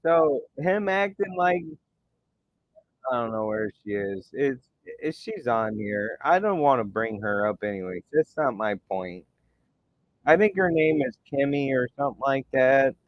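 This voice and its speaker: A man's voice: mid-range voice, big pitch swings, unhurried. A man ranting with scorn and a lot of swearing, giving commentary over screenshots. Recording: dull lo-fi dry sound.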